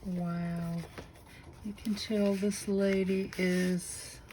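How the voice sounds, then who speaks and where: A woman with a Southern US accent showing a crafted notebook to her camera at home, gushing with admiration and slipping into breathy asides. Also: medium pitch, flat delivery, drawn-out words, mellow, a little hiss or hum, low-quality recording. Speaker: craft channel host. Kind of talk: casual unboxing show-and-tell.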